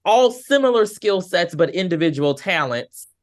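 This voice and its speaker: A man's voice: high-pitched, big pitch swings, moderate pace. A man hosting a podcast, asking a guest questions in a rambling way, full of fillers and restarts. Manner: rambling, hedging with frequent fillers, speeds up when listing. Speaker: podcast host. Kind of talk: casual interview chat.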